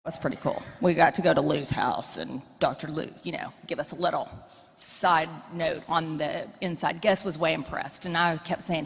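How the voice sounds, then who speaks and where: A woman's voice: sits low, moderate pace, gravelly, slightly rough. A middle-aged woman telling candid, self-mocking stories as a guest in an onstage interview. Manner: blunt, self-mocking, animated storytelling. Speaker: guest speaker. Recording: long hall reverb.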